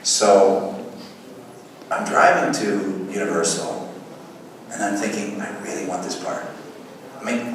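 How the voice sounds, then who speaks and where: A middle-aged man, a guest actor, answering fan questions with lively anecdotes and frequent chuckles. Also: lowish voice. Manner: lively anecdotal, chuckles often, acts out voices. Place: large convention hall. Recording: echoey hall taped from far off, faint noise.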